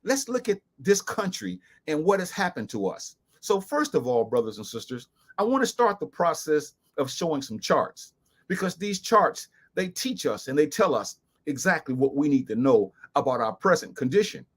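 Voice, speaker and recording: A man hosting a commentary show, speaking in a preacherly, emphatic way to his viewers and slowly repeating key lines. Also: fairly high pitch, sing-song. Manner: preacherly, addressing viewers as "beautiful people" and "brothers and sisters". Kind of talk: talk-show monologue with charts.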